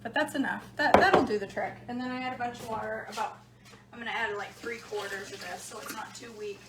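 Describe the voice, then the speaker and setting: A woman's voice: on the high side, fast, very noisy. A middle-aged woman chatting casually in her home kitchen as she makes drinks, laughing often and talking to her live viewers. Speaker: home cooking vlogger. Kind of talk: casual chat while making drinks.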